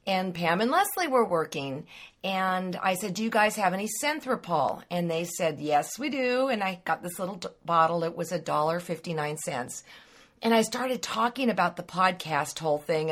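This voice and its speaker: A middle-aged woman hosting a quilting podcast, telling a story in a chatty, animated way and laughing along the way. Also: on the low side. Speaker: podcast host. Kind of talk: casual storytelling monologue.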